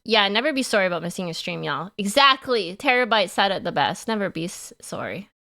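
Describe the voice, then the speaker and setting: A woman's voice: medium pitch, big pitch swings, brisk, bright, forceful tone. A woman livestreamer chatting casually with her chat in a playful, giggly way.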